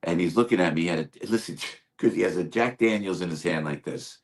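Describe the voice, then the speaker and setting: An older man who is a guest comedian, telling show-business anecdotes in an animated way, acting out quoted voices and repeating words for effect. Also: low-pitched, fast talker.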